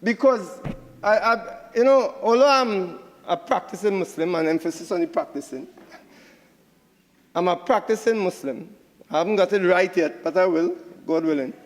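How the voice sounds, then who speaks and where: A man's voice: high-pitched, moderate pace, in a large hall. A man with a Trinidadian accent giving a combative senate debate speech, repeating phrases for emphasis. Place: senate chamber.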